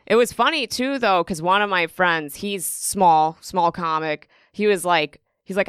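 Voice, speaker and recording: A woman comedian talks through stories in a relaxed chat and acts out the people in them as she goes. Her voice is bright and crisp, and the sound is dry and close. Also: fairly low pitch, normal speed, few pauses, no room sound. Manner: animated storytelling, acts out quotes. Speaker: stand-up comedian. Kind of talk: casual podcast chat.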